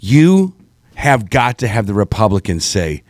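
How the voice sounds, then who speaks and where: A man's voice: fairly low pitch, very animated, unhurried, no echo. A man co-hosting a talk podcast, blunt and riled up, swearing freely and mimicking opponents. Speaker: co-host. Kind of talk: casual political talk.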